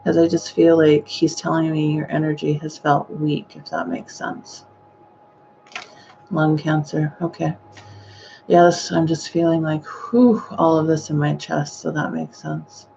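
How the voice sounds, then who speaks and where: A woman giving a live-streamed psychic reading, speaking gently and hesitantly with frequent sighing exclamations. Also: deep voice, monotone, unhurried, gravelly, dull audio, slight background noise. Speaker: psychic medium.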